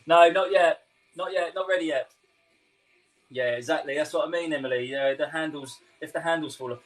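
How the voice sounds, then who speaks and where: On a low-quality recording, a young man speaks briskly in a slightly high voice with a London-tinged English accent. He's a chef on a live cooking stream, chatty and quick to laugh as he responds to viewer comments.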